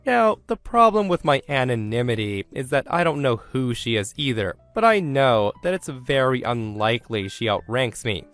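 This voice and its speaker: A man at a middling pitch narrates a first-person forum story in a steady, even storytelling voice. Soft background music sits faintly under the reading. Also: normal speed, hardly any pauses.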